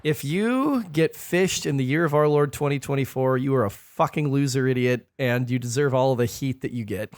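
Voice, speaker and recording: A man's voice: mid-range voice, normal speed, hardly any pauses, dry recording, clean studio sound. A man co-hosting a casual gaming podcast, telling stories bluntly with plenty of swearing. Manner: blunt, profane storytelling. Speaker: podcast co-host.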